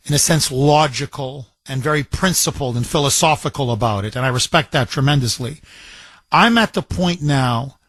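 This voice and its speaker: A man's voice: a little high, fairly bright tone, slightly rough, no room sound. A man hosting a talk radio show, speaking emphatically and repeating himself for effect while taking calls. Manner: emphatic, repetitive, combative.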